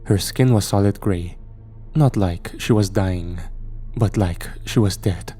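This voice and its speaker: A man reading a first-person horror story aloud in a measured, steady storytelling manner. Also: deep voice, husky. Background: faint background music.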